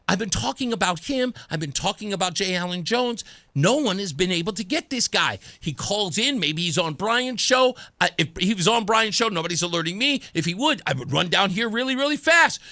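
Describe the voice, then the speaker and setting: Male talk radio host, high and lively voice, close and dry in the studio; tells stories and acts out every quote. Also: a little fast, no echo. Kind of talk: casual storytelling on talk radio.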